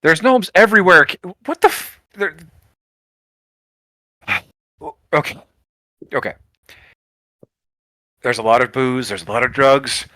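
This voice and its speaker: A man's voice: mid-range voice, very animated, slow, long pauses, bright, forceful tone, no room sound, exaggerated voice. A man voicing a brash, bossy male satyr ringmaster who swears and barks orders in a tabletop game. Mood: gruff. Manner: gruff, swearing, ordering people around.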